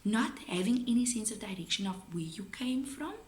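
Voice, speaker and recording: A woman's voice: fairly high pitch, lively intonation, moderate pace. A woman with a South African accent, a teacher giving a chatty, playful video lesson to her students. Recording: roomy echo.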